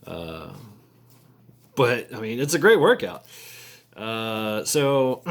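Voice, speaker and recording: A man talking casually to camera in a halting, rambling way, full of fillers, restarts and crude slangy asides. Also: mid-range voice, sing-song, vocal fry. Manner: halting, many repeated words and fillers. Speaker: vlogger.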